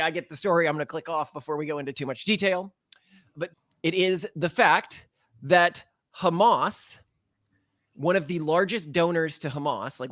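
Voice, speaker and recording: An American man in his thirties holds forth on a podcast, casual and opinionated. He talks with emphatic energy and often acts out what imagined listeners might say, and his voice sits a little high for a man. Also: fairly bright tone, no echo, clean studio sound. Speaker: podcast co-host.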